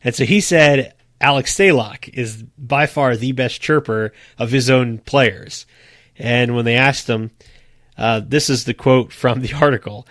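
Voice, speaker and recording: Male co-host, casual sports chat, chatty and quick to laugh, middle pitch, dry close sound. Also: fairly bright tone, dry recording. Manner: chatty, laughs often while telling stories. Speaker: podcast co-host.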